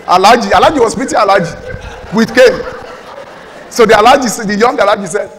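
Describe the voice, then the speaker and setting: High-voiced Nigerian pastor, echoing hall. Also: male voice, lively intonation, moderate pace. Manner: emphatic preaching, swings between loud exhortation and low pleading. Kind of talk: sermon. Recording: long reverb of a large hall.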